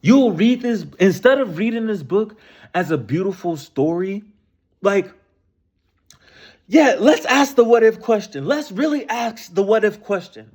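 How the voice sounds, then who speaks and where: A man, ranting casually about scripture in a profane, animated way, full of repeated rhetorical questions. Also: sits high, measured pace. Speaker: streamer discussing scripture.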